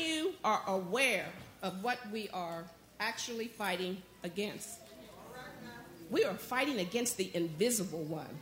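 A woman preaching a sermon as a guest speaker in church, calling out to the congregation and building toward near shouting. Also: medium pitch, animated, measured pace, slight background noise. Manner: call-and-response preaching, rising to near shouting. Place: church sanctuary. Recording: echoey church hall.

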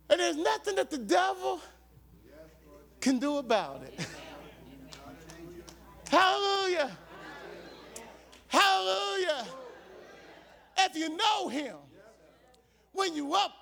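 A preacher man with a very high, bright voice, shouting his sermon in slow, drawn-out waves. His tone is gravelly and sharp, and he keeps repeating lines back at the congregation. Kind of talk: shouted call-and-response sermon.

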